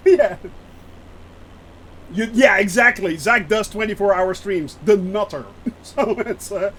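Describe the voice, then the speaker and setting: A man's voice: sits high, very animated, slow, long pauses, a bit bright, a little hiss or hum. A man streaming a flight simulator and chatting with viewers in a rambling, giggly way, often breaking off to laugh. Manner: rambling, giggly, talks to chat. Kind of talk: live-stream chat with viewers.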